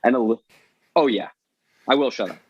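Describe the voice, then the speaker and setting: A man with a New Jersey accent talks a live audience through a recipe over a video call. He is breezy and salesy and talks up his own food. His pitch sits in an ordinary middle range. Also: a little fast, a little mellow, slightly rough, no echo, highs cut off. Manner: breezy, salesy, self-promoting. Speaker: guest chef. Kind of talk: live cooking demonstration.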